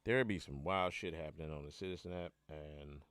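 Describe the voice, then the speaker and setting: Philly-man, low voice, casual profane livestream rambler. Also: brisk, fairly bright tone, clean tone, no echo. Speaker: band member hosting a live hangout.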